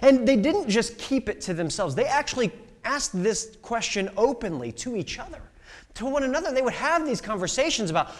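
A man's voice: sits high, long reverb tail. A young man preaching a sermon in a casual storytelling way, full of fillers and restarts. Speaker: pastor.

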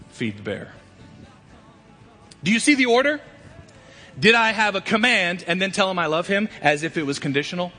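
Middle-aged male pastor, sermon delivery, emphatic then hushed, a touch higher pitched than most. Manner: emphatic preacher, swings from loud to quiet. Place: church sanctuary.

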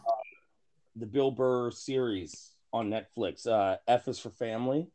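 A man talking at an unhurried, drawn-out pace in loose, casual podcast banter. He rambles and restarts, swears freely and makes fun of himself. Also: medium pitch, warm tone. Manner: rambling, profane, many restarts and fillers; self-mocking humor. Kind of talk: casual chat.

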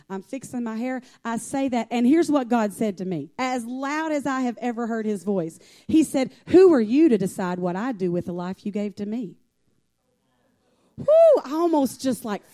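Woman preacher giving a sermon, kinda high warm voice, chatty folksy delivery. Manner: folksy, conversational preaching with calls for amen.

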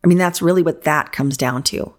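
A woman's voice: deep voice, brisk. A woman coaching interior designers in casual, frank podcast advice, talking in a conversational, emphatic way.

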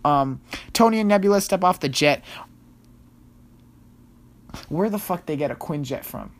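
A man reading a text aloud and breaking off into picky, animated rants, with casual swearing. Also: a little high, unhurried, a little hiss or hum. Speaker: co-host reading a trailer breakdown. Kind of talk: casual podcast chat, reading aloud with commentary.

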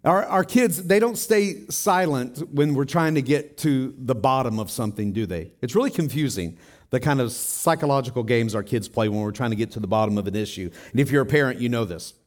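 A man's voice: medium pitch, expressive, brisk. A middle-aged man pastor preaching a sermon in a church in a conversational way, often asking the congregation questions.

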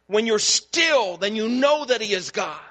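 Man, pastor, sermon, bright high voice, long hall reverb. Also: measured pace. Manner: storytelling, animated, acts out dialogue.

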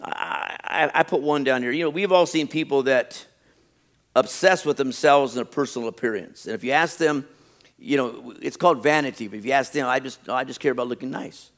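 A man's voice: medium pitch, fairly bright tone. A pastor preaching a sermon, repeating his phrases and stressing them with rising emphasis. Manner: reads a list slowly and deliberately.

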